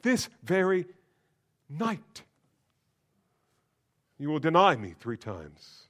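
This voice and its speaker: Brief: solemn, quiet male teacher, read by a preacher, measured and grave. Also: on the high side, wildly swooping pitch, full character voice.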